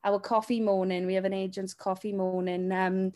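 A woman's voice: mid-range voice, little pitch movement, moderate pace, dark tone. Female talent agent, casual and earnest, laughs easily. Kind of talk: casual chat.

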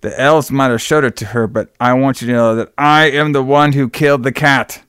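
A man voicing a cold, defiant mother in a film recap, speaking slowly and flatly. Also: medium pitch, smooth, no echo, studio quality, lightly acted. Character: cold, defiant mother, middle-aged woman.

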